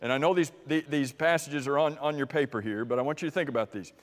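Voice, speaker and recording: A man's voice: mid-range voice, quick pace. American preacher quizzing his congregation. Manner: questions the congregation, conversational. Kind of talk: sermon. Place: church sanctuary. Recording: church live stream with long hall reverb.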